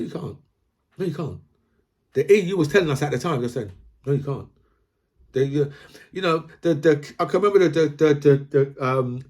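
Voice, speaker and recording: A man's voice: mid-range voice, darkish tone. A man from Britain, ranting casually about politics, rambling, repeating himself and asking "right?" again and again. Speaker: political commentator.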